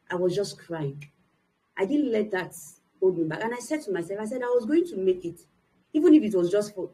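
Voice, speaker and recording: Young woman speaker, mid-pitch voice, emphatic testimony to a youth audience. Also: poor audio. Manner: earnest, emphatic storytelling. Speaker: motivational speaker. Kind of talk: personal testimony talk.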